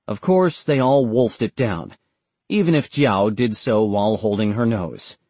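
Husky male audiobook narrator. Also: lowish voice, dry recording. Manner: steady, measured reading.

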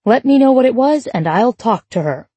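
A woman voicing a brisk adult mother who questions her young daughter firmly and pointedly, read as part of an audiobook. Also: fairly high pitch, animated, warm tone, slightly rough, dry recording, pitched above the performer's own voice.

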